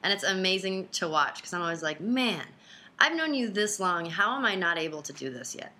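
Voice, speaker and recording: A woman's voice: fairly low pitch, sing-song, fairly quick, pushed and bright. A woman chatting casually, playful and teasing, gushing over her friend. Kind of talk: casual chat.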